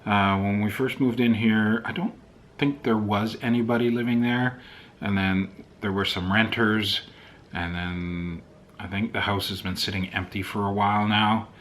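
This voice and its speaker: A man with a fairly low voice chats and rants to his viewers in a loose, everyday vlog manner. He talks into the camera's own mic, with a little background noise behind him. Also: fairly even intonation, measured pace, fairly bright tone. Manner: ranting, chatty, talks to his dogs. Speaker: vlogger. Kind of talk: casual vlog chat. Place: outdoors in wind, then at home. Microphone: camera mic with windscreen.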